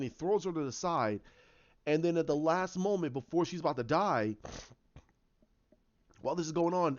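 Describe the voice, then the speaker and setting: A man casually retelling his own story idea, rambling with many restarts and acting out the quotes in a lower voice. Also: a little mellow. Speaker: fan commentator. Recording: dull lo-fi sound.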